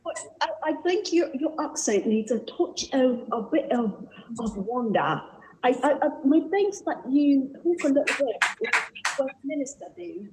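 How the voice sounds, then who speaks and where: Someone playing a stuffy high-voiced aristocrat. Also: very animated, moderate pace, few pauses, a crowd in the background, low-quality recording. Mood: haughty. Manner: archaic, stuffy phrasing. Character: pompous would-be London aristocrat. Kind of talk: comedic impression on live chat show.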